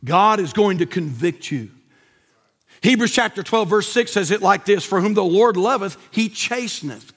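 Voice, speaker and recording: A pastor preaches in a church, his voice sitting high and bright. He drops to near-whispers, then climbs to fervent shouts. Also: expressive, moderate pace, long reverb tail. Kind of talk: sermon. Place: church sanctuary.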